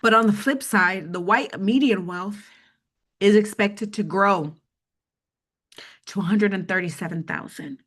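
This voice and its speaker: A woman's voice: medium pitch, unhurried, long pauses, fairly bright tone. Chatty woman hosting a finance webinar. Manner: conversational, checks in with the audience with frequent "okay?". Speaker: webinar host teaching personal finance. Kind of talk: live webinar presentation.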